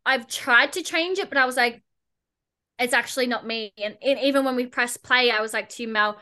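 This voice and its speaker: A woman's voice: high voice, a little fast, bright, forceful tone. A young woman, a podcast guest and entrepreneur, talking casually in a blunt, sarcastic way and swearing freely.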